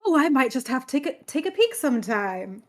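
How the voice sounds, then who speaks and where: Woman player, high and bouncy, playful charmer in a tabletop game. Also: sing-song, fairly quick. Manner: playful, charming in-character banter.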